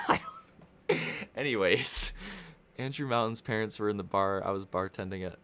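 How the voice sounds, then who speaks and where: A man's voice: lowish voice, moderate pace, long pauses, pushed and bright, clear, resonant tone. A young man rambling through casual livestream race commentary, profane and constantly interrupting himself.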